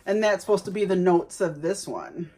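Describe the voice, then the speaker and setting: A woman's voice: on the low side, normal speed, mellow. A woman vlogger chatting casually to viewers as she unboxes gifts, exclaiming over each item.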